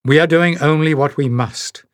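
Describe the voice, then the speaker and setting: A man's voice: on the high side, moderate pace, no room sound, clean studio sound, pitched above the performer's own voice, close to an everyday voice. A man reading an audiobook and voicing an earnest, wary young male hero who speaks with urgency. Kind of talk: audiobook character voice.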